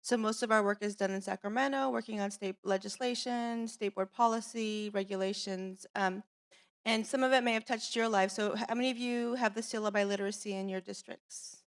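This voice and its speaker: A woman's voice: mid-range voice, steady tone, brisk. A woman presenting at an educators' workshop in a training room, asking the audience friendly questions. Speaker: coalition staff presenter. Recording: voice a bit far from the mic.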